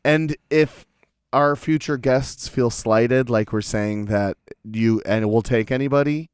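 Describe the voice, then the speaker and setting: A man's voice: mid-range voice, slow, clear, resonant tone, no echo, clean studio sound. A young man co-hosting a podcast, bantering jokily and dropping frequent "dude" reactions. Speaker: podcast co-host. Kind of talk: casual chat.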